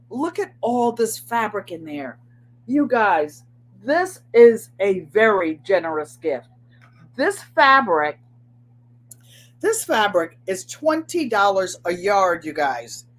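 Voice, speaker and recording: An older woman hosting a sewing and crafts channel, chatting casually to viewers in a rambling way and often repeating herself. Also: mid-range voice. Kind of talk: casual live chat.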